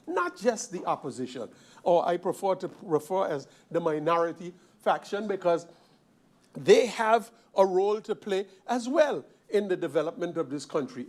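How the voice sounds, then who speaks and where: A high-voiced man from Sint Maarten, a member of parliament, delivers an emphatic speech in the parliament chamber. He leans on repeated phrases and rhetorical questions.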